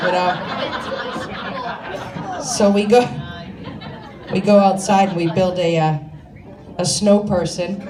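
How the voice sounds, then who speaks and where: A woman's voice: fairly low pitch, normal speed, long pauses. A woman from Massachusetts doing a stand-up comedy set, brash and self-mocking, rambling with lots of "you know" asides. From Scituate, Massachusetts, USA. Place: comedy venue stage with a live audience. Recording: echoey room, distant mic, loud crowd laughter.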